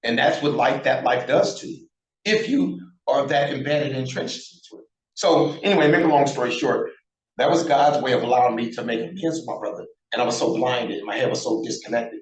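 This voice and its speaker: Animated storyteller man in his sixties. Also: medium pitch, brisk. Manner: animated, acts out quoted dialogue, blunt and profane. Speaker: interview guest, former prisoner. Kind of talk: storytelling in a casual interview. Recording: roomy echo.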